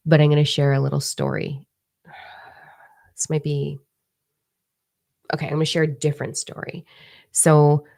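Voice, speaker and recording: Low-voiced woman host with a gravelly edge; casual live-stream talk, blunt and profane, acts out her reactions. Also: darkish tone. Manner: candid, swears freely, acts out her own reactions. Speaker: host of a spiritual live chat. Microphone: microphone in front of her face.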